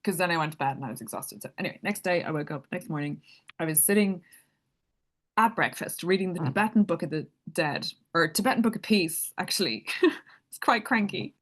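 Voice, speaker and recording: A woman's voice: fairly low pitch, animated, fairly quick. A woman telling a personal story in a casual, chatty way, laughing often and leaning on "like". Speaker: spiritual speaker.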